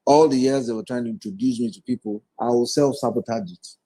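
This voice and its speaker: A man's voice: mid-range voice, a little fast, dark tone, poor audio. A man in his forties, a guest speaker giving an earnest, reflective personal testimony in an interview and retelling past conversations.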